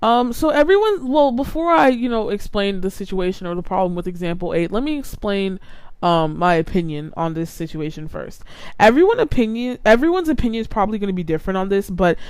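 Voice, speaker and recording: A woman's voice: mid-range voice, animated, brisk, a little mellow, smooth, dry recording. A young adult woman hosting a podcast, ranting casually and with exasperation, full of "like" fillers. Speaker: podcast host.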